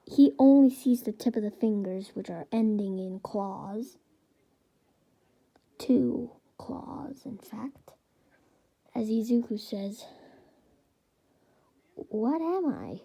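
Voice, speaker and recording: A woman's voice: mid-range voice, slow, gravelly, pauses often, dark tone, low-quality recording. A woman improvising a fan story as narrator, hesitant with many fillers and restarts.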